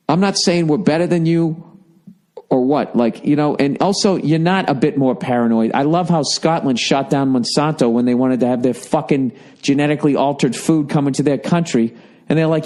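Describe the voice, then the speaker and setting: A man's voice: a little high, normal speed, a little mellow. A man with an American accent, ranting in a profane, exasperated comic monologue, talking to listeners. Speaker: comedian.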